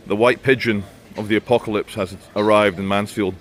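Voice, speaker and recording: A man's voice: fairly low pitch, steady tone, a little fast. A man giving blunt, sarcastic commentary in a vlog while walking outdoors through town streets. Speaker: vlogger.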